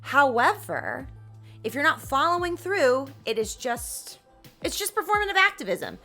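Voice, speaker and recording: A woman hosts a history show in a bright, somewhat high voice, telling the story like a lively, casual chat. She swears freely and slips into funny voices for the people she describes. Faint music plays behind her. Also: measured pace, vocal fry. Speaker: host.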